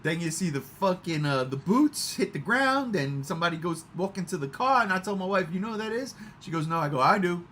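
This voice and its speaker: Excitable swearing man, animated pitch. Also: a little fast, few pauses, a little hiss or hum. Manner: excitable, swearing, loud outbursts. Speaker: podcast co-host. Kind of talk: excited casual movie chat.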